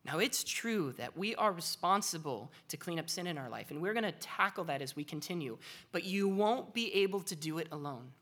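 A woman giving a devotional Bible teaching in an animated, conversational and earnest way. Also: lowish voice, fairly quick.

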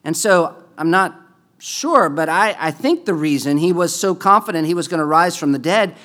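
A man preaching a sermon in a relaxed, conversational way, his voice sitting a little high for a man. He builds in force when he stresses a point. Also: normal speed. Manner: conversational preaching, rising with emphasis on key points. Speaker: pastor.

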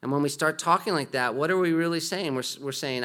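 Bright-voiced man preaching a sermon. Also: a little high, fairly quick, hardly any pauses. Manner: earnest, conversational preaching with rhetorical questions. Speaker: pastor.

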